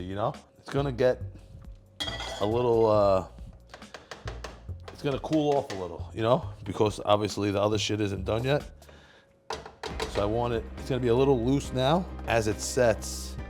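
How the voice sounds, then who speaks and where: A man, telling crude, rambling stories as he hosts a comedic cooking show, laughing at his own jokes. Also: medium pitch.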